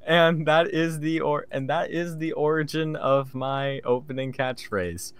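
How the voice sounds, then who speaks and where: A man co-hosting a casual podcast, relaxed and joking as he tells a story. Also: on the high side, measured pace, hardly any pauses, smooth. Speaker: podcast co-host. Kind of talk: casual chat.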